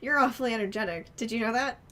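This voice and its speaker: A woman's voice: fairly high pitch, fast talker, bright, forceful tone. A woman reading a laid-back female bartender. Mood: easygoing. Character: calm, dry female bartender. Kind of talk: fan voicing of game dialogue.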